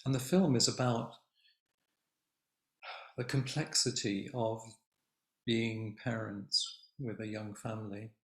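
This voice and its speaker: An older man giving a Zen dharma talk as a teacher, speaking gently and reflectively with long pauses. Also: on the low side, steady tone. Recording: echoey room.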